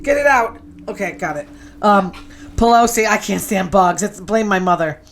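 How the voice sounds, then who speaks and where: A woman hosting a show in casual chat, sassy and quick to tease. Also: medium pitch, gravelly. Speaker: show host.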